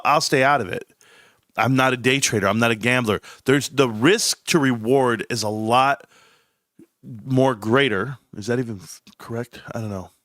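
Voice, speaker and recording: A man's voice: mid-range voice, a bit bright, no echo, studio quality. Blunt rambling man livestreaming. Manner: blunt, rambling, self-interrupting. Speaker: stock livestream host. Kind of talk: casual livestream commentary.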